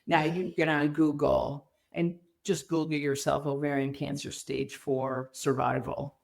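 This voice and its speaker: A middle-aged woman, a podcast guest, telling her story candidly in an animated, emphatic way. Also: deep voice, measured pace, creaky. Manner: animated, emphatic, acts out quoted people.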